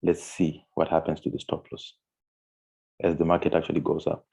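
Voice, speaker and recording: A man's voice: extremely low pitch, monotone, moderate pace, gravelly, mellow, husky. A man giving a screen-share trading tutorial, walking through on-screen steps with frequent fillers and restarts. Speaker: trading instructor.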